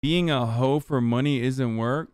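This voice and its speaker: A man's voice: mid-range voice, unhurried, a little mellow, smooth, dry recording, clean studio sound. A young man ranting in profane, casual commentary, talking straight to his live-stream chat. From Turkey. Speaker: streamer reacting to a video.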